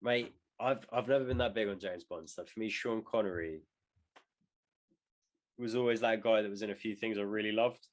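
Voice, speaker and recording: A man's voice: fairly low pitch, moderate pace. A young man co-hosting a podcast in casual chat, rambling and swearing with jokey asides. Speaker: podcast co-host.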